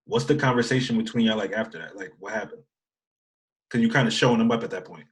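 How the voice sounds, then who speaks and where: Podcast co-host, lowish voice, measured and probing in casual chat. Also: male voice.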